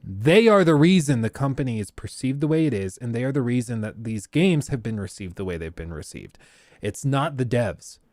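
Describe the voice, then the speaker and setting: A man's voice: medium pitch, lively intonation, moderate pace, a little mellow, no room sound, studio quality. A man hosting a livestream, giving blunt, ranting commentary in a casual way. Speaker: livestream host.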